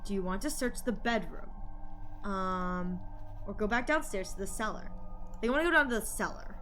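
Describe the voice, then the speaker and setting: A young woman streaming a video game, reading its text aloud and reacting with excitable, dramatic outbursts. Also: mid-range voice, moderate pace, soft background music. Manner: excitable, laughing, dramatic shouts.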